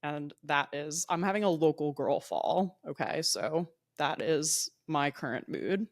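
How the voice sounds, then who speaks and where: A woman's voice: sits low, lively intonation, measured pace, no echo, clean studio sound. A young woman with a New Jersey accent hosting a solo podcast from home, chatty and upbeat, laughing often and wandering into tangents. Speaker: podcast host.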